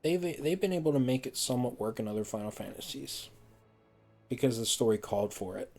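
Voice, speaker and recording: A man's voice: medium pitch, a little fast, a little mellow, faint music behind. A man streaming a heated game review, ranting and swearing often, repeating words in frustration.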